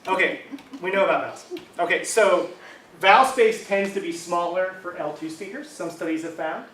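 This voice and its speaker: A middle-aged man gives a relaxed academic lecture in a somewhat high voice. He talks conversationally, checks in with the audience, and stops to rephrase. He is recorded from across an echoey room, with faint room noise behind him. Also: moderate pace. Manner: casual, conversational lecturing with frequent "um", "right?". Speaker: university linguistics lecturer. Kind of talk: academic talk. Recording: echoey room, mic at a distance.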